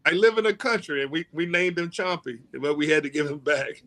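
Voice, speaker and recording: A man's voice: fairly high pitch, brisk, crowd noise. A man appearing as a guest on a sports talk show, a former player who talks in a laid-back, hesitant way.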